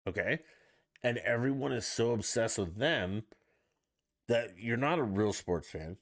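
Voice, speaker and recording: A man with a lowish voice hosts his own podcast, ranting on his own about sports. He sounds fed up and swears freely as he goes on. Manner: ranting, profane, exasperated. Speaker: podcast host. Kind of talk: solo sports rant podcast.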